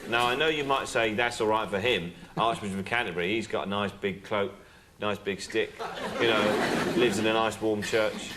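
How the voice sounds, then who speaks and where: A man's voice: on the low side, fairly even intonation, normal speed, background noise. A man on a comedy panel, chatting along in an agreeable way. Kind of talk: comic panel debate.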